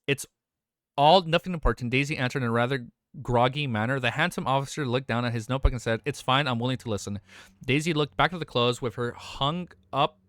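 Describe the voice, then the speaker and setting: A man's voice: medium pitch, brisk, fairly bright tone, no room sound, clean studio sound. A young man reading a web novel aloud on a live stream, stumbling over words and breaking off to react emotionally with casual swearing and slang.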